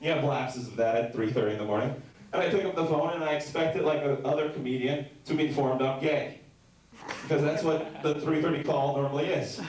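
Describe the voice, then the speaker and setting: A young man performing a stand-up comedy set, telling rambling deadpan stories and breaking into sudden shouted bits. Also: fairly high pitch, a little fast. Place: comedy club stage. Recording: very echoey room heard from a distance.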